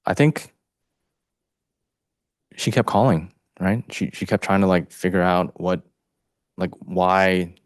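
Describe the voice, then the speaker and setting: A man testifying as a witness in a courtroom, speaking haltingly with many "you know" fillers. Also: low-pitched, dry recording, studio quality.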